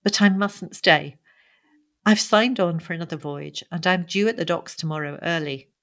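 A woman voicing a shabby young man back from years abroad, rueful and clipped in his replies. The voice sits fairly low and plain, read as a storybook character without much change from the reader. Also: normal speed, a bit bright. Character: weary shabby young man, bitter wanderer. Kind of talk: audiobook character reading.

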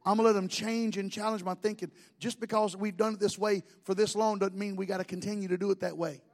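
A man's voice: sits high, fairly even intonation, fast talker, long reverb tail. A man preaching a sermon, conversational, joking with the congregation in asides. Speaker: pastor.

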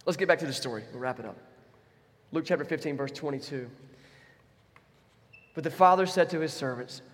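A pastor preaching a sermon, telling the story with animation, acting out the quotes and dropping to a soft, quiet voice for emphasis. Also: male voice, a little high, lively intonation, normal speed, long pauses. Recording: long reverb of a large hall.

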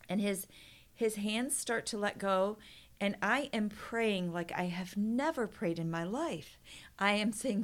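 A woman's voice: medium pitch, a little slow. A middle-aged woman, a podcast guest, earnestly retelling a personal story with emotion and quoted prayers.

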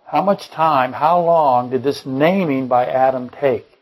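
A man's voice: mid-range voice, measured pace, rough recording. A man preaching a Bible-study sermon, rambling and correcting himself mid-sentence, firing off rhetorical questions and dropping joking asides. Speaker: pastor.

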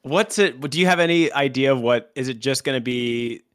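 A man's voice: medium pitch, brisk, a bit bright, clean tone. A man co-hosting a podcast in casual comedic chat, tossing in wry quips and laughing easily. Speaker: podcast co-host.

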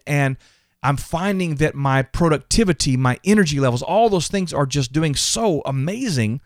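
Brief: male podcast host, earnest, emphatic delivery, slightly higher voice, dry close sound. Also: no room sound. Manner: earnest and emphatic, often repeats words. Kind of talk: motivational faith podcast talk.

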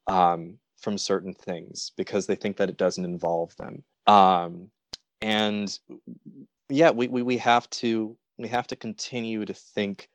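An earnest man speaks as a guest on a casual podcast, picking his words slowly in short, halting phrases. His voice sits fairly low. The sound is dry and close. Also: little pitch movement, dry recording. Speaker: podcast guest, actor and writer.

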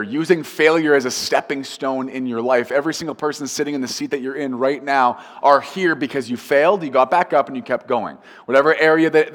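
A man's voice: medium pitch, a bit bright, in a large hall. A man, a pastor, preaching a sermon earnestly and building emphasis with repeated phrases.

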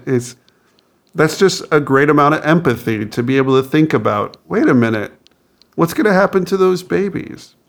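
A man co-hosting a casual movie review podcast, laughing often as he talks. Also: medium pitch. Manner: slow, gravelly, laughs often. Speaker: podcast co-host.

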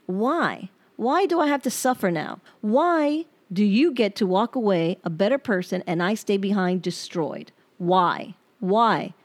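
A woman hosting her own podcast, talking in a candid, reflective and rambling way. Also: fairly high pitch. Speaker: podcast host. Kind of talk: personal podcast monologue.

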